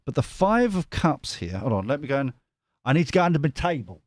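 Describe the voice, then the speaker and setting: A man's voice: on the high side, sing-song, a little fast, no room sound, studio quality. A man giving a tarot reading on a live stream, chatty and rambling, often mocking himself. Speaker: tarot reader.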